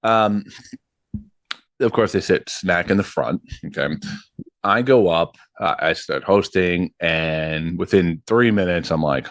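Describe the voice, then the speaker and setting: Deep-voiced man telling a story. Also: takes it slowly, no echo, clean studio sound. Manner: animated, acts out quotes, frequent ums and likes. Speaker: podcast host and comedy show MC. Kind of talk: casual storytelling.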